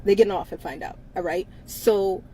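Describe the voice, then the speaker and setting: Woman, livestream host, blunt, profane, laughs often, middle pitch, faint background noise. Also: moderate pace, mellow, rough recording. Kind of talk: casual livestream talk.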